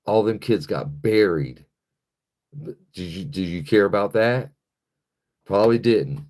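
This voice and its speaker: A man's voice: on the low side, a little slow, a little mellow. An American man hosting a livestream, ranting angrily and profanely while reading chat. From United States. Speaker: livestream host. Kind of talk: live-stream rant reading chat.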